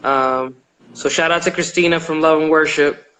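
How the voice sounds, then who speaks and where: A man hosting a radio show, chatting casually and haltingly with many fillers. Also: a little high, steady tone, bright, forceful tone, low-quality recording. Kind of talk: casual interview chat.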